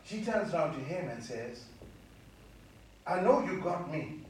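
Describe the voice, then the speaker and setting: High-voiced preacher in an echoey hall. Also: male voice, big pitch swings, unhurried, darkish tone, recorded from a distance, a little hiss or hum. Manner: earnest, repetitive, stammering restarts. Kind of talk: sermon. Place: church hall.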